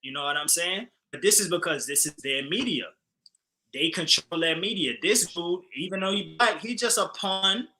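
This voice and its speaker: Bright, animated man in heated talk. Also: high-pitched, normal speed, poor audio. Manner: animated, emphatic, frequent fillers and profanity. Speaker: podcast co-host. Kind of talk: casual heated discussion.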